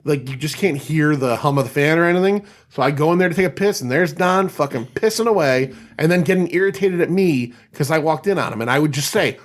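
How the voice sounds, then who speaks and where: A man co-hosting a podcast in casual chat. He tells stories in a relaxed, swearing way with frequent laughs. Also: a little high, a little fast, hardly any pauses. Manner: relaxed, profane storytelling with laughs. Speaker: podcast co-host.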